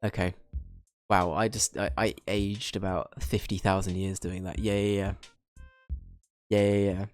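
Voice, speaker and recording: A man's voice: low voice, little pitch movement, a little slow, darkish tone, soft background music. A young man streaming a game and chatting with viewers, rambling and self-mocking, often restarting his sentences. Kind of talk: casual chat while playing and reading chat.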